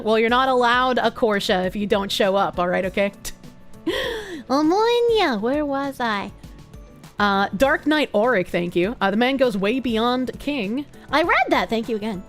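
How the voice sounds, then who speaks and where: A woman streamer with a bright, high voice chats loosely with her viewers, swearing freely and laughing easily between thank-yous. Soft music plays quietly underneath. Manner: loose, profane, quick to laugh. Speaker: live streamer. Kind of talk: casual live-stream chat, reading donations.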